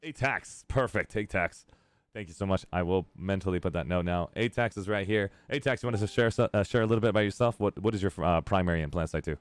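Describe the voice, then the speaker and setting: Male streamer host, deep register, dry close mic, rambling and laughing easily. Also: fast, no echo. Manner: upbeat, rambling, laughs often. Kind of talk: casual live-stream chat.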